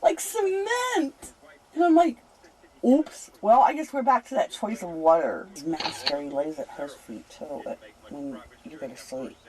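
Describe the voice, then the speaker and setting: A woman's voice: sits low, animated, moderate pace, poor audio. A woman chatting casually and animatedly on a home video, laughing easily. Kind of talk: casual chat.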